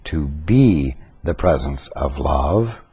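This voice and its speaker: A man giving a spiritual teaching talk, slow and deliberate, pausing to stress single words. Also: very deep voice, animated, dark tone, husky.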